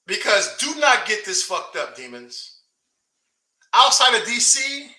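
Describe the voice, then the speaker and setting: Guy with a high sharp voice going off on a stream, cussing and taunting, room echoes a lot. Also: big pitch swings, slow. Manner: taunting, confrontational, heavy swearing; breaks into scoffing laughs. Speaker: online streamer. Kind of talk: heated livestream rant.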